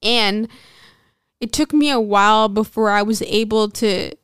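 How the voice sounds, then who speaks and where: A woman's voice: mid-range voice, measured pace, fairly bright tone, smooth, no room sound, clean studio sound. A young woman hosting a podcast, telling a personal story in a frank, chatty way with lots of filler words. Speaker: podcast host.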